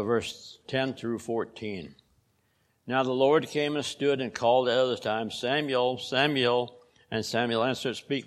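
Earnest older man preaching a sermon. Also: medium pitch. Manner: earnest, repeats phrases for emphasis. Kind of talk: sermon with scripture reading.

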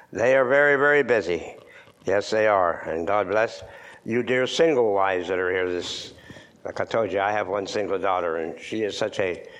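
An older man preaching in a church, moving between loud emphatic lines and hushed near-whispers. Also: deep voice, measured pace, long pauses. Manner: old-fashioned scripture reading, repeats words for stress. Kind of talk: sermon.

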